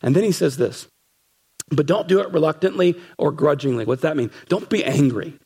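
A man's voice: on the high side, moderate pace, creaky, darkish tone, slightly rough. A man preaching a sermon as pastor, emphatic, repeating phrases and acting out what people say. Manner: emphatic, repeats phrases, acts out quoted voices.

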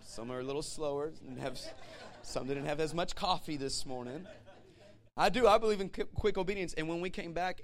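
A man preaching a sermon to a congregation, telling a personal story with animated, swelling delivery that rises to shouts. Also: on the high side. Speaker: pastor.

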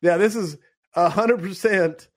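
A man hosting a podcast, running a playful quiz with his guest in casual chat. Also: high-pitched. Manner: playful, quick quiz-show banter. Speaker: podcast host.

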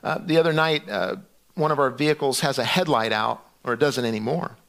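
A middle-aged man preaching a sermon in a conversational, animated storytelling way, often restarting his sentences. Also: mid-range voice, a little fast. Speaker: pastor.

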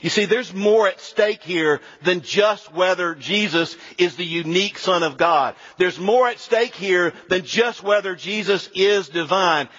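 A male pastor preaching a sermon in an animated, conversational way with frequent asides. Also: sits high, a little slow, few pauses, in a large hall, highs cut off.

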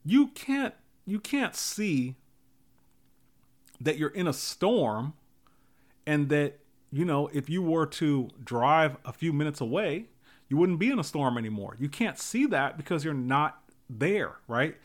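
A man's voice: fairly high pitch, sing-song, slow pace. A man giving a casual motivational talk, emphatic and repetitive, with many fillers.

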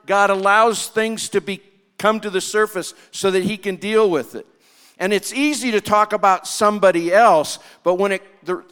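A man preaching a sermon as a pastor, telling a Bible story with lively acted-out quotes. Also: high voice, smooth, big-room sound. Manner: expressive preaching, acts out quoted lines.

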